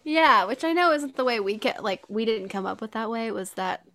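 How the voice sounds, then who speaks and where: A woman's voice: a little high, a little fast, dry recording. A woman in her thirties co-hosting a podcast in casual, giggly chat, telling stories with lots of laughter over a remote call. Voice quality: giggly, lively storyteller. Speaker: podcast co-host.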